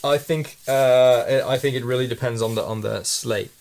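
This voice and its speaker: A man's voice: medium pitch, steady tone, moderate pace, creaky, darkish tone, slight background noise. A man who makes his own paints, chatting casually in his studio while thinking aloud, hesitant and rambling with many restarts. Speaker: handmade paint maker.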